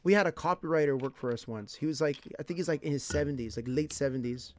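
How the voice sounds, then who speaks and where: A man's voice: fairly high pitch, quick pace. Slangy, laughing man telling stories. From California. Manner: slangy, laughing, animated retelling. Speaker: English teacher. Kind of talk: casual storytelling.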